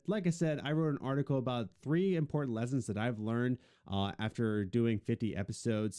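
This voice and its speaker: A man's voice: mid-range voice, dark tone, clear, resonant tone. A young adult man co-hosting a podcast in casual, rambling chat, with a jokey, self-mocking way of talking. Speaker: podcast co-host.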